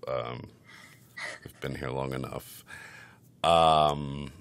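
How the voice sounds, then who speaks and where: A man's voice: very deep voice, steady tone, drawn-out words, a bit bright, clear, resonant tone. A man hosting a podcast, talking in crude casual chat with a brash, mock-aggressive, profane manner. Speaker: podcast host.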